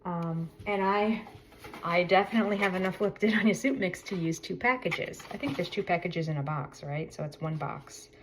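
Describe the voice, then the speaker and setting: A woman's voice: on the low side, normal speed, noisy background. A middle-aged woman chatting casually in a vlog, telling a rambling story and correcting herself as she goes. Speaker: vlogger. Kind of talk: casual chat.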